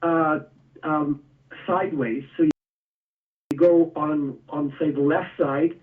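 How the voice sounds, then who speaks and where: Being interviewed casually, this man, who makes energy tools, lays things out step by step with the occasional chuckle. The recording is phone-quality and made from a distance, catching a slightly high, steady voice at a slow pace.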